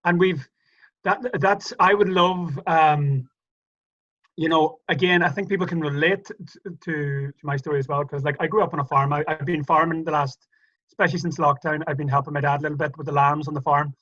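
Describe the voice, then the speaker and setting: A man's voice: a little high, fairly even intonation, fairly quick, fairly bright tone, lo-fi sound. An Irish man talking as a guest in a casual interview, telling stories in a chatty, hesitant way with many restarts.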